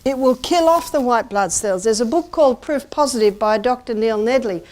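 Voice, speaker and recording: A woman's voice: fairly high pitch, moderate pace, darkish tone. A middle-aged woman giving a chatty, anecdotal health lecture to a live audience and asking them questions. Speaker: health presenter.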